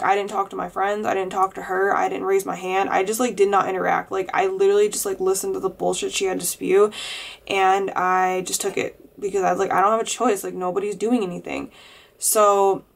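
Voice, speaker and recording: A woman's voice: medium pitch, creaky. Profane young woman telling a storytime. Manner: heated, profane, heavy use of "like". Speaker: vlogger. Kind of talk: casual storytime monologue.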